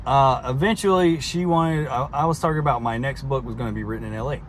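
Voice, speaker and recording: A man's voice: medium pitch, quick pace, noisy background. A man telling a personal story in a casual, rambling way, full of restarts and short laughs. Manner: rambling, frequent restarts and fillers, laughs while recounting. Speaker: host.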